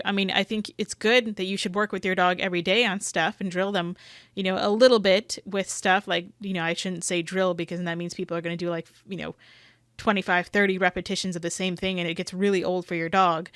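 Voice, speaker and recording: Brief: woman dog trainer reacting to a clip, opinionated and rambling, clear voice, dry sound. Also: lowish voice, level tone, fairly quick, a bit bright, no room sound. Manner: opinionated, rambling, many hedges. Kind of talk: reaction commentary.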